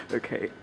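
This casual vlog narration comes from a man filming outside at night, shivering in the cold as he talks to viewers with fillers and occasional hushed, murmured asides. It was recorded on a camcorder's built-in microphone, and background noise is audible.

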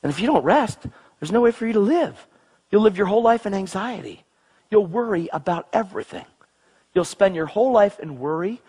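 A male preacher gives an excitable, exclamatory sermon, talking a little fast in a husky, slightly breathy voice. His pitch leaps around, dropping low and intense before shooting up into high outbursts.

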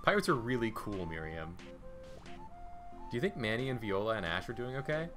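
A man's voice: on the low side, very animated, brisk, music in the background. A man voicing an eager young bard in a video game, wide-eyed and enthusiastic.

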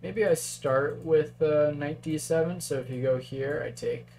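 A man's voice: a little high, unhurried, a little mellow, slight background noise. A man casually commentating a chess game on a live stream, thinking aloud through moves and answering chat.

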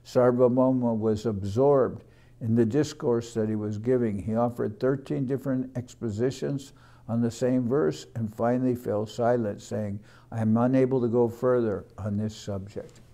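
A man, a monk leading a morning class, reading scripture aloud in a measured way, repeating phrases and adding short explanations. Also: mid-range voice, fairly even intonation, dark tone. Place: ashram class room.

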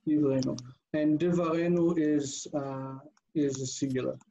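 Guy teaching hebrew over a video call, talks slow, kinda dull lo-fi sound. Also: fairly high pitch, steady tone, warm tone. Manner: patient, drills forms aloud, asks the class questions. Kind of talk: online class lecture.

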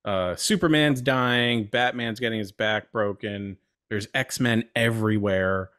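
Male host, long curious questions, lowish voice, dry close sound. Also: a little slow, a bit bright, smooth, no echo. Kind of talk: interview questions.

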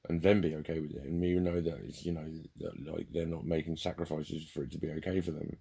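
Talking fast with a steady tone, a vlogger rambles through a loose, candid monologue. His voice is very deep, gravelly, dark, and husky, and he swears freely and mocks himself as he goes.

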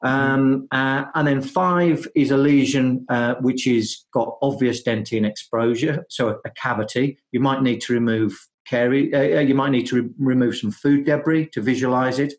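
A man, a dentist, talking through his ideas in a podcast interview, with many fillers, restarts and hesitant pauses. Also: medium pitch, fairly even intonation. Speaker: guest dentist.

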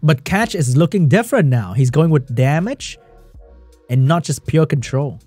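Excitable man with a lively voice, commentating a game. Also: a little high, moderate pace, dry recording, soft background music. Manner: excitable, laughs often, chats with viewers. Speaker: esports commentator and streamer. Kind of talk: live game commentary while reading chat.

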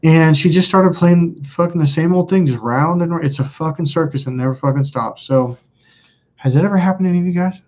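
A man's voice: fairly high pitch, fairly quick, a little mellow, dull audio. A man hosting a live stream, telling stories in a blunt, profane, self-mocking casual chat. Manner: blunt, profane, laughs at himself.

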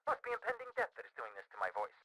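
An actor playing a nervous, jittery male lawyer who rambles fast in a video game. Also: mid-range voice, huge pitch swings, very noisy. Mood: panicky.

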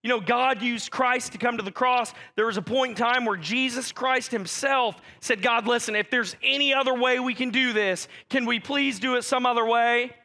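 High, bright-voiced man preaching a sermon. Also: normal speed, hardly any pauses. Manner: direct, conversational preaching addressing the church. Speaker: pastor.

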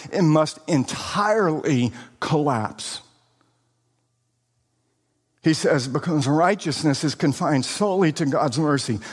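Recorded in a hall with long reverb, a preacher delivers an earnest, emphatic sermon. His voice is on the high side and slightly rough.

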